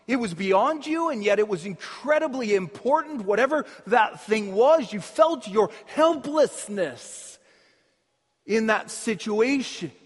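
Pastor guy preaching, high voice, repeats himself a lot, long echo like a big hall. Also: expressive, unhurried. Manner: repetitive and emphatic, dropping to a hush for key points. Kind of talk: sermon.

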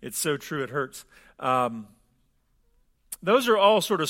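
A man preaching a sermon with a bright, forceful voice. He speaks in a relaxed, conversational way and tells stories with humor. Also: mid-range voice, measured pace, long pauses. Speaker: pastor.

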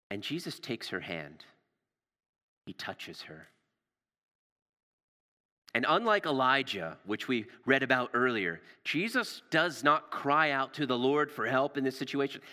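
A male pastor tells his sermon like a story, rising for drama and dropping low and soft for tender moments. His voice trails off in a long reverb tail.

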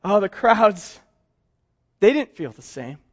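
A man preaching a sermon, his voice sitting very high and his delivery slow and deliberate. He tells a story and acts out its quotes in hushed tones. The recording sounds dull and lo-fi. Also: big pitch swings. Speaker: pastor.

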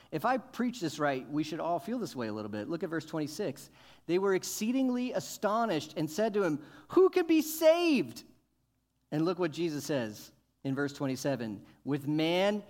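A male pastor preaching a sermon, asking questions and building to emphatic, loud points. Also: fairly high pitch. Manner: rises to emphatic, loud peaks, asks the congregation questions.

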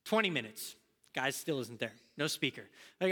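A man preaching a sermon as a campus minister, telling a story and acting out the dialogue in an animated way. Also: a little high, fairly quick, long reverb tail.

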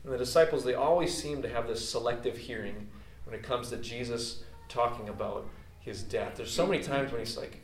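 A man delivers a sermon in an easygoing, conversational way, often restarting his sentences. His voice sits at an ordinary middle pitch. He is recorded from some distance in a reverberant room with a faint hum of ambience behind him. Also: brisk. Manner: loose, chatty, with many fillers and restarts. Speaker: pastor.

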